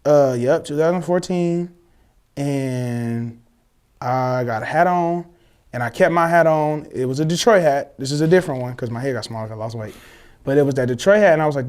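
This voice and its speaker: A young man, telling a personal story in casual, slangy, animated chat, acting out the voices of others. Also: medium pitch, smooth. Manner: animated, swears freely, slangy, acts out quoted voices. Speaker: guest telling his story.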